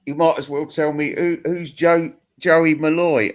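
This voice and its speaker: A man's voice: on the high side, unhurried, hardly any pauses. A man hosting a rambling comic monologue, ranting crudely and laughing at his own jokes. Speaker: host answering viewer questions.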